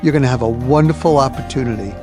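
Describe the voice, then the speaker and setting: A man's voice: mid-range voice, quick pace, over music. A man hosting a ministry radio program, announcing an outreach and introducing a guest.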